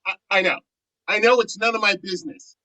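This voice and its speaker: A man's voice: sits high, a little fast, no room sound, poor audio. A man playing an earnest, pleading friend. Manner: pleading, emotional, swings from soft to loud. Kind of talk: amateur virtual stage play.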